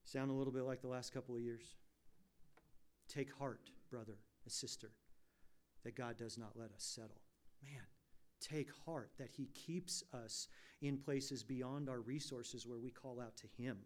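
A man delivering a sermon to his congregation at a mid-range pitch. He asks pointed rhetorical questions and climbs into forceful, emphatic peaks. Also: steady tone, a little slow. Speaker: pastor.

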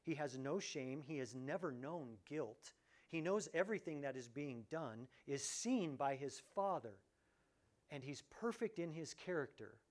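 A man preaching a sermon as pastor, animated, swinging between loud exclamations and hushed, quiet lines, and acting out quoted voices. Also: fairly high pitch, a little slow.

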